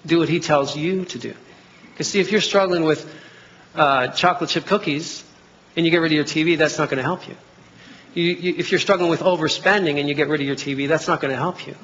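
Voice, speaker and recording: A middle-aged man preaching a sermon, animated and acting out bits of dialogue in different voices. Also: fairly high pitch, brisk. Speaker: pastor. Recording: dull lo-fi recording.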